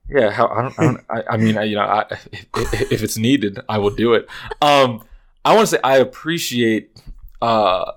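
A man's voice: fairly low pitch, normal speed. A young man hosting a casual sports podcast, rambling with restarts and sarcastic asides. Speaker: podcast host. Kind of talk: casual chat.

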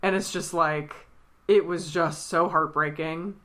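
A woman with a low yet bright, ringing voice chats casually as a podcast co-host. She is tearful and animated, slipping into high, squeaky impressions of the characters as she retells scenes. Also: a little slow. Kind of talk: casual chat.

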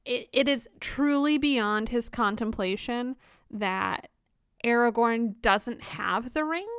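A woman's voice: fairly high pitch, slow, a bit bright, smooth, no room sound, clean studio sound. A woman co-hosting a casual book discussion podcast, reading quotes aloud and playfully mimicking characters. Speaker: podcast co-host.

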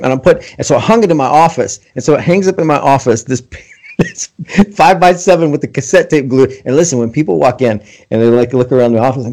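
A man's voice: medium pitch, fast, mellow. A man hosting a podcast in casual chat, enthusiastic and laughing often, acting out his own thoughts as quotes. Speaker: podcast host.

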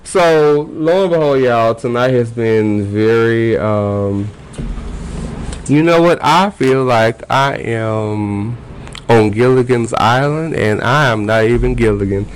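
A man hosting a casual podcast, animated and jokey, swearing freely and jumping into high squeals. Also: slow, a little hiss or hum, low-quality recording. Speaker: podcast host. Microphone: studio microphone.

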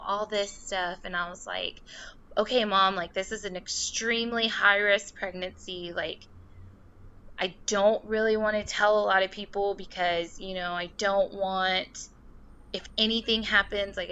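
A young woman, a podcast guest, telling a story casually and acting out the voices of the people she quotes. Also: medium pitch. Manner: animated, acts out quoted voices. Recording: slightly dull sound with faint noise.

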